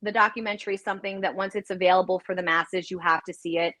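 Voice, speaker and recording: A woman in her forties with a New York accent, a guest actress chatting in a lively, bubbly way and telling stories over a video call. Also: lowish voice, fast, no echo. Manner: bubbly, chatty storyteller who mimics her own voice. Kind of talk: casual interview chat.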